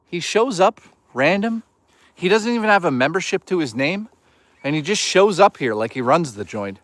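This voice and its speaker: A man's voice: sits high, animated, moderate pace, fairly bright tone, no room sound. A man live-streaming from a woodland hike, rambling and swearing as he jokes and reads chat. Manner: rambling, profane, jokey. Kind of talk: casual live-stream chatter.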